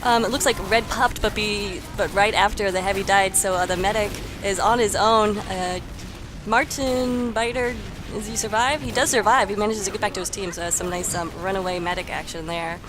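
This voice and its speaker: A woman's voice: medium pitch, fairly quick, few pauses. Chatty woman hosting game commentary. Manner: chatty, excitable, many fillers. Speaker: host and caster. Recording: noisy recording.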